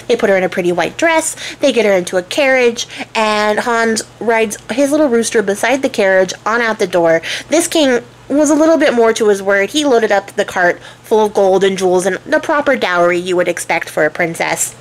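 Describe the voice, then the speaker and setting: A woman's voice: mid-range voice, expressive, normal speed, few pauses, rough recording. A woman retelling a fairy tale in a chatty, irreverent way, with asides to her viewers and casual swearing. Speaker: storyteller, channel host.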